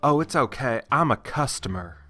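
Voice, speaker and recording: A man voicing a rude, demanding female shopper in a put-on Southern accent, loud and pushy. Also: mid-range voice, lively intonation, normal speed, faint music behind. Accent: fake Southern US. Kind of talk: narration with voices.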